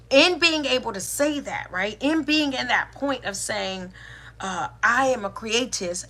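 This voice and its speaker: A woman's voice: medium pitch, bright, forceful tone. A woman hosting a spiritual talk, teaching in a casual, conversational way, often repeating her key phrases and checking in with "right?" and "okay?".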